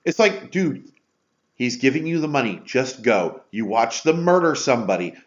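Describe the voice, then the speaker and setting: A man's voice: medium pitch, very animated, normal speed. A man co-hosting a podcast, sarcastically retelling a movie's plot in casual chat. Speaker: podcast co-host. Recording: dull lo-fi sound.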